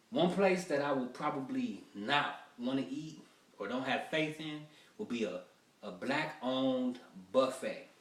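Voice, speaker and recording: A man working through rough stand-up material in a loose, rambling way, acting out the people he talks about. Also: mid-range voice, reverberant, far from the mic. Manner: loose, rambling, acts out quoted voices. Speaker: stand-up comedian. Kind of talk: rough-draft stand-up rehearsal.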